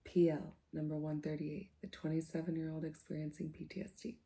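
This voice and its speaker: Woman, soft-spoken ASMR book recap, casual filler-heavy chat, dark mellow tone, low voice. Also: steady tone, brisk, vocal fry. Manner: casual, filler-heavy retelling, slipping into whispers. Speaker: book reviewer.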